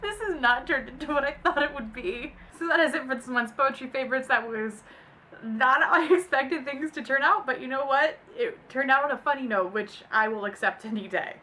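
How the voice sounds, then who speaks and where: A young woman hosts a casual book vlog, reading poems aloud in a high, brisk voice that sounds pushed and bright. She's giggly and easily amused, often breaking into laughter as she goes.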